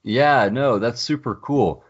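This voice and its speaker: A man's voice: mid-range voice, takes it slowly, slightly rough, dull audio. A man co-hosting a podcast, chatting casually and enthusiastically, retelling scenes with lots of fillers. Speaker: podcast co-host. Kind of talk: casual chat.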